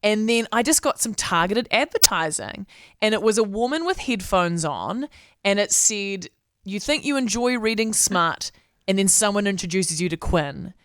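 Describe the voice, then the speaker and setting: A woman's voice: medium pitch, lively intonation, normal speed, clear, resonant tone, dry recording, studio quality. Giggly New Zealand woman radio host. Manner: chatty, giggly, candid. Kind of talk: casual radio chat.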